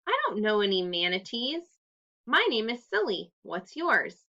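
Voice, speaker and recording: A woman's voice: mid-range voice, big pitch swings, unhurried, bright, forceful tone, full character voice. A woman voicing a friendly young female baby dolphin in a storybook read-aloud, with an eager, upbeat manner. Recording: dull lo-fi recording.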